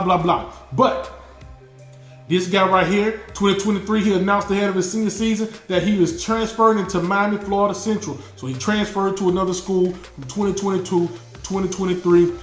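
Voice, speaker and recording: A man's voice: high voice, roomy sound. A man hosting a casual football fan reaction video, talking emphatically and repeating his points for effect. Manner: animated, repetitive, emphatic preaching delivery. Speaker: sports channel host.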